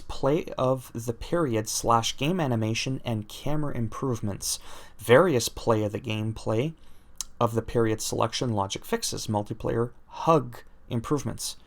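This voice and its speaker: A man reading out video game patch notes aloud, breaking off with self-deprecating jokes and laughing at his own asides. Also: medium pitch. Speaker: gaming YouTuber.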